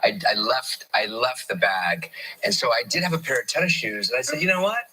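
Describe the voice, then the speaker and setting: A man's voice: mid-range voice, expressive, fairly quick, sharp tone, husky, poor audio. A man co-hosting a live talk show, sheepishly telling an anecdote.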